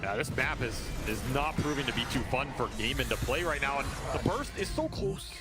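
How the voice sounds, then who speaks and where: A man's voice: medium pitch, expressive, fairly quick, over loud music. A man giving casual, chatty analysis as color commentator on a video game match.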